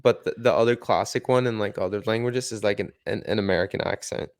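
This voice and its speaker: A man's voice: lowish voice, fast, dry recording, studio quality. A man co-hosting a podcast in casual chat, easygoing and rambling with many restarts. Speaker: podcast co-host.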